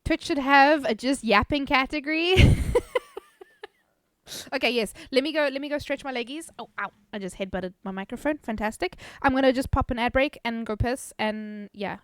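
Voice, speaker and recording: Woman streamer, slightly high voice, loose casual chat with viewers, lots of swearing. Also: normal speed, dry recording. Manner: chatty, swears freely, laughs often. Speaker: game streamer.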